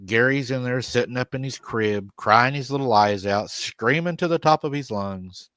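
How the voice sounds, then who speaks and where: A man's voice: medium pitch, moderate pace, a bit bright, no room sound. A man hosting a paranormal show, telling a family's haunting story at length and repeating "she said" over and over. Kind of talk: storytelling retelling an interview.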